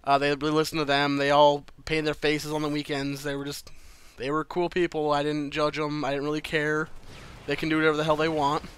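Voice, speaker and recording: A man's voice: a little high, completely flat delivery, brisk, a bit bright, clean tone. A man casually telling a personal story to camera, chatty and loose, swearing freely and laughing between lines.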